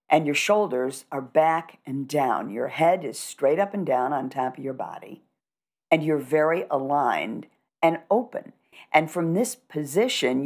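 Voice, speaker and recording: A middle-aged woman working as a communication coach, speaking in an instructive, measured and assured way during a conversational interview. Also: a bass voice, darkish tone.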